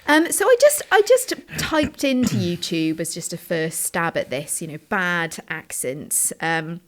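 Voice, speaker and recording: A woman's voice: lowish voice, sing-song, a little slow. Chatty woman podcast host. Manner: chatty, rambling with many fillers. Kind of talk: casual podcast chat. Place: small room away from the usual studio.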